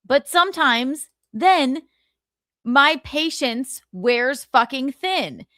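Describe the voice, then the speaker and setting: A woman's voice: sits high, very slow, dry recording, clean studio sound. A woman hosting a livestream, ranting casually with lots of swearing and exasperation. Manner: animated, profane, exasperated. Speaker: livestream host.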